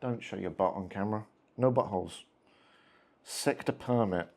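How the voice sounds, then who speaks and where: A man's voice: lowish voice, moderate pace, a little mellow. A man hosting a solo tabletop wargame session, chatting casually and talking to his cats between dice rolls. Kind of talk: casual play-through commentary.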